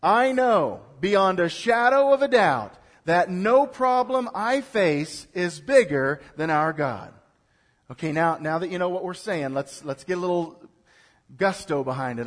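A male pastor preaches to his church, his slightly high voice swinging from low, quiet urging up to loud, ringing exhortation. He leads the congregation in repeating lines back to him, driving each phrase hard. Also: lively intonation, moderate pace. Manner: preaching, rising to loud call-and-response exhortation. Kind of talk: sermon.

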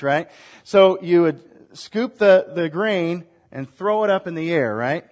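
A male preacher gives a sermon in a relaxed, conversational manner. He often checks in with his listeners by asking them questions. His voice sits a bit higher than most men's. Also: moderate pace. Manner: conversational, asks the congregation questions.

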